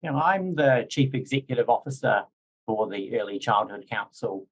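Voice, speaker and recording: A man's voice: mid-range voice, lively intonation, normal speed, slightly rough, poor audio. A man with a New Zealand accent, a guest on a podcast interview, explaining his work at length in casual talk, with frequent fillers and restarts. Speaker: podcast guest, chief executive.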